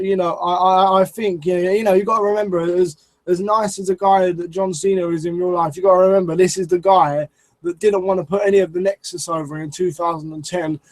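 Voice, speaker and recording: A man's voice: sits high, darkish tone, no echo, poor audio. A man reviewing a wrestling show in a casual, rambling way, swearing and restarting his sentences often. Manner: rambling, profane, lots of restarts and fillers.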